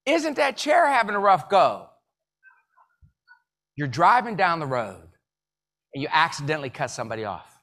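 A man giving a live motivational keynote, telling jokey stories and leading the audience in call-and-response with sudden loud bursts. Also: on the high side, sing-song, moderate pace, pauses often. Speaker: motivational speaker.

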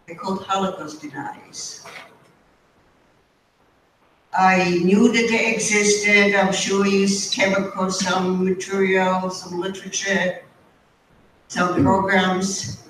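Older woman speaking slowly in an echoey hall. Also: mid-range voice, level tone, fairly bright tone. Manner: slow and deliberate. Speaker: guest speaker. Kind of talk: storytelling testimony. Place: high school auditorium. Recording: distant mic, echoey hall, faint noise.

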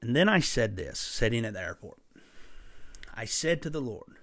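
A man's voice: medium pitch, sing-song, normal speed, long pauses, no room sound. Impassioned male preacher telling a story. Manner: impassioned, emphatic, with sudden loud bursts. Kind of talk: sermon storytelling.

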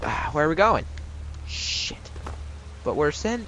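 A man gives casual gameplay commentary in an animated, swooping voice, unhurried between bursts. He is excitable and profane and breaks into shouted outbursts and goofy sing-song. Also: on the high side, a little hiss or hum.

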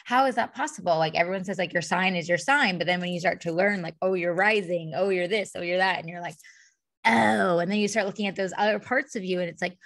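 A woman's voice: lowish voice, quick pace, gravelly, a bit bright, no room sound. A woman in her thirties hosting a podcast, chatty and enthusiastic, with lots of fillers. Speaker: podcast host. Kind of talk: casual podcast conversation.

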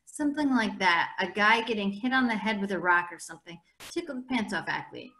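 Brief: female teacher, reads aloud to class, relaxed steady delivery. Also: medium pitch, brisk. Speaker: English teacher. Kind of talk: reading a novel aloud.

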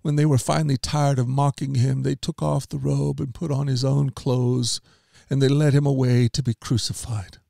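A man hosting a daily podcast, reading scripture aloud in a steady, earnest voice. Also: mid-range voice, moderate pace, vocal fry, no room sound, studio quality. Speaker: host and Bible reader.

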